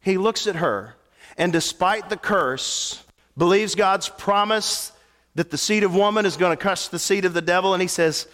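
A man preaching a sermon as pastor, telling stories and moving between hushed lines and animated ones. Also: high-pitched, normal speed. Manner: storytelling, swings from hushed to animated. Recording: long hall reverb.

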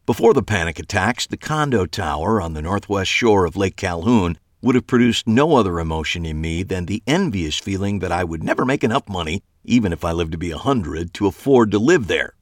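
A man reading a first-person crime novel with wry, expressive storytelling. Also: low voice, fairly quick, hardly any pauses, no echo, clean studio sound. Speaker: audiobook narrator.

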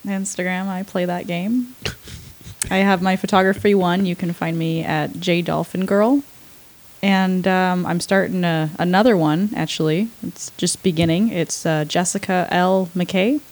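Young woman, podcast guest, casual chat, lowish pitch, hesitant, lots of fillers. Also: steady tone, a little slow. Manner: hesitant, laughs often.

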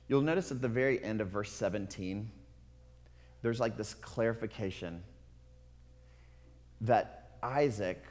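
A man preaching a sermon in an earnest, confessional way, moving from hushed to loud. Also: lowish voice. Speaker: pastor. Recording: long hall reverb.

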